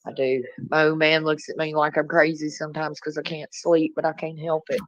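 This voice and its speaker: A woman's voice: low voice, level tone, brisk. A middle-aged woman calling in to a livestream, blunt and outspoken with a motherly streak. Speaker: caller on a livestream. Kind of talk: casual chat. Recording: dull muffled call-in audio.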